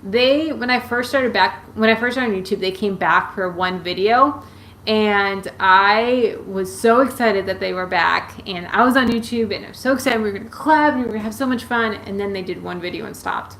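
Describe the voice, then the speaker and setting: A woman's voice: mid-range voice, normal speed, fairly bright tone, rough recording. Woman, casual live-stream chat, rambling, lots of fillers, home webcam mic, faint room hum. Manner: chatty, rambling, many fillers and restarts; reads out and answers live chat comments. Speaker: YouTuber answering viewer questions.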